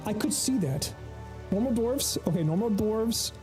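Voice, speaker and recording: A man's voice: high-pitched, expressive, measured pace, over music. A man from the American South with a Southern accent, chatting casually and jokingly to his chat while livestreaming a game. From United States. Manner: joking, rambling, talks to chat. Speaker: streamer.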